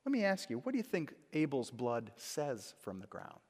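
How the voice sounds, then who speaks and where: A man preaching a sermon, swinging between loud dramatic bursts and hushed asides. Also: mid-range voice, huge pitch swings, normal speed. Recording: long hall reverb.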